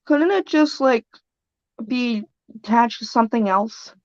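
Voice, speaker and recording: Brief: woman, chatty casual reaction talk, slightly high voice, dry dull lo-fi audio. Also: measured pace, no room sound. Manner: chatty, laughs between remarks. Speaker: co-viewer.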